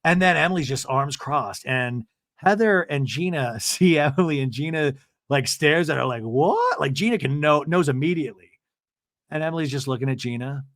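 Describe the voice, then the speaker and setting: A man's voice: fairly high pitch, moderate pace, a bit bright, no room sound, studio quality. A man hosting a podcast, recapping in a chatty, gossipy storytelling way. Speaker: podcast host. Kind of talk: casual recap commentary.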